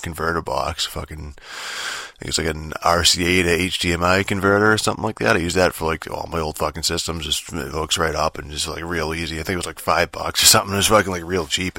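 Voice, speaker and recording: Low-voiced profane podcast guy, rambling. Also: steady tone, brisk, gravelly, sharp tone, dry recording, clean studio sound. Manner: profane, rambling, many fillers and restarts. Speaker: podcast host. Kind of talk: casual rambling podcast monologue.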